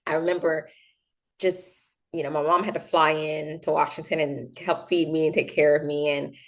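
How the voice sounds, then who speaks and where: Her low-pitched voice moves at normal speed as the young adult guest chats through a casual interview, animated and filler-heavy, acting out the voices of people in her story.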